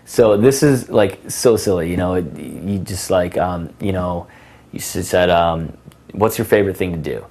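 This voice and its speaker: Speaking at a moderate pace in a low, somewhat mellow voice, a man coaches listeners on dating conversation. He keeps it casual and playful, voicing sassy example lines.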